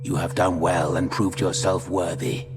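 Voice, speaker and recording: A man voicing a cold, proud disembodied alien brain ruler with a hoarse, rasping voice. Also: low-pitched, steady tone. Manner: proud, menacing, slow. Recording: long reverb with music behind.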